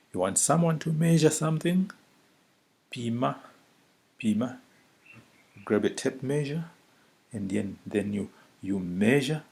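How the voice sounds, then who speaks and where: A man teaching a vocabulary lesson, saying each word slowly and repeating it several times for the listener. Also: mid-range voice, vocal fry, darkish tone. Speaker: language teacher. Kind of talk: slow spoken vocabulary lesson.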